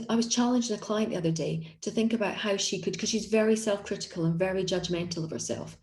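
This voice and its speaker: A woman's voice: medium pitch, dark tone, roomy sound. A woman coaching an online group session on confidence, talking in an encouraging, conversational way with frequent restarts. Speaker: executive coach.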